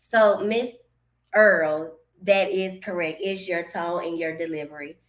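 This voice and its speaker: A woman co-hosting a podcast in casual chat, outspoken and animated, laughing often. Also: lowish voice, measured pace. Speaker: podcast co-host. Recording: echoey room.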